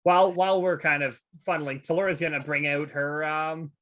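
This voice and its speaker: A man's voice: a little high, steady tone, fairly quick, a bit bright. A man playing a tabletop game, speaking hesitantly with frequent restarts. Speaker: player.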